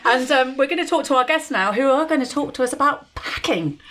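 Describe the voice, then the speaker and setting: A woman's voice: sits high, lively intonation, fairly quick, fairly bright tone, a little hiss or hum. A woman hosting a podcast, chatting casually and laughing often. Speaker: podcast host. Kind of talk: casual chat.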